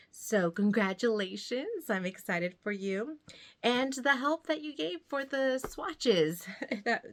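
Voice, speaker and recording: A woman's voice: medium pitch, a bit bright. Chatty, slightly breathless woman vlogger. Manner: chatty, rambling, laughs often. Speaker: knitting vlogger. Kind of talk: casual chat to camera.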